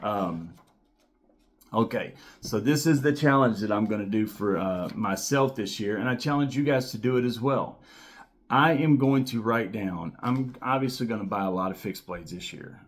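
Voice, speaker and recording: A man's voice: lowish voice, expressive, moderate pace. A man in his thirties hosting his own knife channel, talking casually to camera in a rambling, enthusiastic way with lots of fillers and repeated words. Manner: repeats key words for emphasis. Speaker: knife reviewer and channel host.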